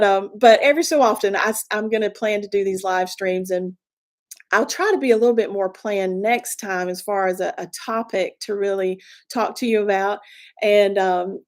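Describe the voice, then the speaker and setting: A woman in her fifties hosting a casual live stream, chatty and earnest, rambling with fillers and restarts as she encourages her viewers. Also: medium pitch. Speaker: YouTube channel host. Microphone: webcam or phone live stream.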